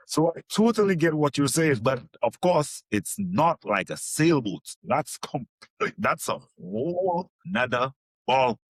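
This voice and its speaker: A man's voice: fairly high pitch, sing-song, unhurried, no room sound. A man hosting a travel podcast, reacting with short affirmations and sharing his own stories. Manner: enthusiastic, lots of short affirmations. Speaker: podcast host. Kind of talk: casual interview chat.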